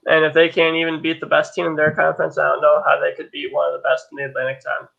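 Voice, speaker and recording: A man's voice: on the high side, monotone, fast talker, gravelly, bright, forceful tone, muffled recording. A young man on a sports panel giving blunt, confident picks. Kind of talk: casual sports chat.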